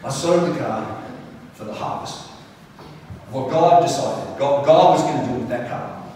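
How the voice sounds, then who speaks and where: A man preaching a sermon as pastor, telling stories in an animated way with frequent restarts. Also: medium pitch, unhurried. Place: large church hall. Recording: echoey hall, distant mic, faint hiss.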